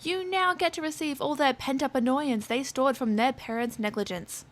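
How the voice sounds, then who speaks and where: A woman's voice: sits high, normal speed. A young adult woman telling a storytime rant in a sarcastic, profane way. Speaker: vlogger.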